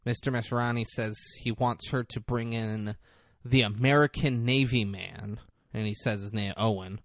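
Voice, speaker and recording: A man's voice: on the low side, steady tone, moderate pace, fairly bright tone, dry recording, studio quality. A man co-hosting a comedy podcast, recapping a movie in a rambling, profane way and acting out the scenes. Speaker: podcast co-host.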